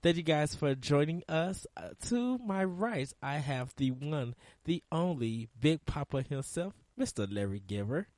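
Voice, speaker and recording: A man's voice: a little high, lively intonation, measured pace, few pauses, darkish tone, dry recording. A man hosting a casual gaming podcast, rambling through side stories and laughing often. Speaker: podcast host.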